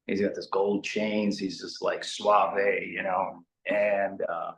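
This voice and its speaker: A man, a guest rock singer, telling casual interview anecdotes in a rambling, animated way with lots of fillers. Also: low-pitched, slow. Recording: roomy echo.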